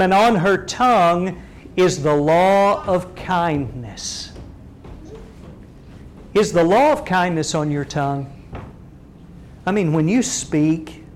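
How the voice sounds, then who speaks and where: A man's voice: a little high, a little hiss or hum. A middle-aged man preaching a sermon, earnestly putting direct questions to his congregation.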